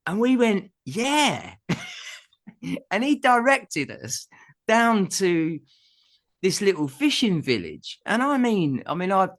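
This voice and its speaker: A man's voice: high-pitched, sing-song, slow pace, long pauses, a bit bright. A middle-aged man, a musician telling a long anecdote as a guest in a casual interview, laughing often as he goes.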